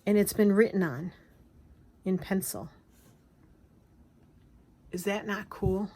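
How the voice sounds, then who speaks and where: Slow-talking, gushing crafting vlogger woman. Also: mid-range voice. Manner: gushing, excitable, trails off in restarts. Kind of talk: casual show-and-tell chat.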